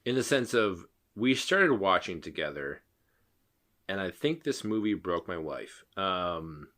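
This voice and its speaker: A podcast co-host in his thirties, with a low, sing-song voice that's a little slow and sharp in tone, tells a casual story during a movie-review chat. He acts out the quotes as he goes.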